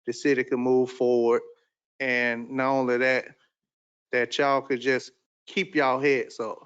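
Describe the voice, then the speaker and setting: A man giving an earnest public comment at a council meeting, speaking in a halting way. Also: medium pitch, little pitch movement, a bit bright, clear, resonant tone. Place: city council chamber. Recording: dull lo-fi meeting audio.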